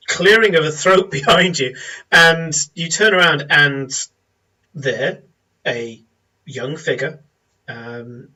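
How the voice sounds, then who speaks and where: A man narrating a tabletop game as game master, descriptive and unhurried, with many small pauses and fillers. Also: mid-range voice, sharp tone, husky, far from the mic, low-quality recording.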